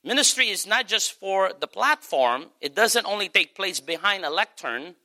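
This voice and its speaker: A middle-aged man delivers a sermon as pastor. His voice is bright and forceful and sits a little high. He hammers points home by repeating them. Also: expressive, moderate pace. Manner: preaching with emphatic repetition.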